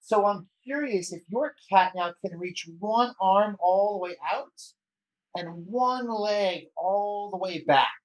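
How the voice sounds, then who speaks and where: Here a kids' yoga teacher talks slowly in a high-pitched voice. His storytime is playful and encouraging, dotted with little sound effects.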